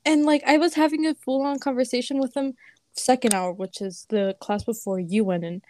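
Young woman, somewhat high voice, casual podcast chat, playful, chatty. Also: fairly even intonation, a little fast, darkish tone. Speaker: podcast co-host.

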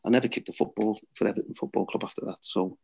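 Middle-aged ex-footballer, husky voice, blunt and laughing anecdotal guest. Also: male voice, lowish voice, steady tone, fast, mellow. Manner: blunt, swearing, laughs at own stories. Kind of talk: anecdotal storytelling.

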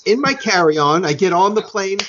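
A man's voice: high voice, lively intonation, moderate pace, fairly bright tone, a little hiss or hum. An American man from the United States telling a long anecdote as a podcast host, rambling and self-correcting, with casual swearing. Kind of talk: casual storytelling. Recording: dull lo-fi sound.

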